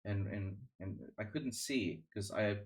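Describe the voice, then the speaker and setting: A man's voice: lowish voice, a little slow, darkish tone. A man streaming chess, chatting casually in a rambling, sardonic way, full of restarts and fillers. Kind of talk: casual live-stream chat.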